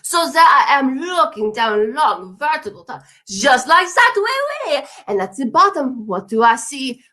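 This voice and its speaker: A woman's voice: high voice, very animated, unhurried, sharp tone. A woman improvising a scene, telling a story playfully in a put-on French accent and dropping in French words. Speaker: improv performer.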